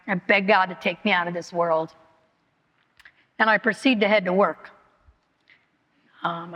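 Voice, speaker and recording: Halting woman speaking in echoing hall. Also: mid-range voice, a bit bright, lo-fi sound. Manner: candid, halting, many fillers and restarts. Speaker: speaker at a recovery meeting. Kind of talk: personal testimony. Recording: long hall reverb.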